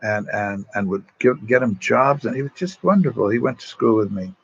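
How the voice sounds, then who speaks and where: A man's voice: fairly low pitch, normal speed, gravelly, husky, dull audio. An older man, a priest, telling rambling personal stories to an online audience in a casual way, often restarting his sentences. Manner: rambling, warm anecdotes with frequent restarts.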